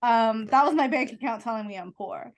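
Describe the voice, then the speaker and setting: A young woman co-hosts a podcast in relaxed chat, tossing in jokes and giggles as she goes. Her voice sits a little high. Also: normal speed. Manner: playful, giggly, joking asides. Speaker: podcast co-host. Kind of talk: casual chat.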